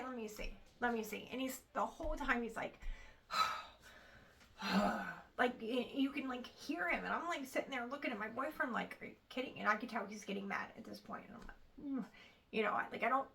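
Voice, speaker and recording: A woman in her thirties recounts a bad experience straight to camera. Her voice sits a little high, with a gravelly fry running through it and a bright, sharp edge. She talks casually and with frustration, quoting the others as she goes. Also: rough recording. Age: 30s. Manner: frustrated, retelling with quoted dialogue. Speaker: vlogger. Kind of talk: casual storytime vlog.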